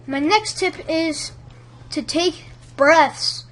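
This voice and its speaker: A woman's voice: high-pitched, expressive, normal speed, a bit bright. A woman giving casual tutorial tips in a chatty, rambling way, full of fillers. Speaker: YouTube commentator giving tips.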